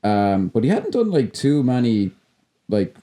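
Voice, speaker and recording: A man's voice: mid-range voice, big pitch swings, unhurried, dark tone. A man, co-hosting a podcast and talking casually about films, enthusiastic and rambling, with frequent restarts and swearing. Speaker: podcast co-host. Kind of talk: casual film chat.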